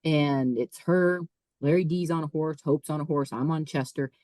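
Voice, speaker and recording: A woman, a podcast guest, telling a personal story in a lively way, often repeating and restarting her words. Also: sits low, normal speed, no echo, low-quality recording. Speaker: podcast guest, author and speaker. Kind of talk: casual storytelling.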